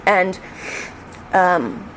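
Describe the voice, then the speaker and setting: A middle-aged woman tells an animated story in an interview, her pitch bouncing up and down. She acts out the shouts with real energy. A faint noise sits under the recording. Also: very slow. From New York State. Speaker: retired police officer telling a story.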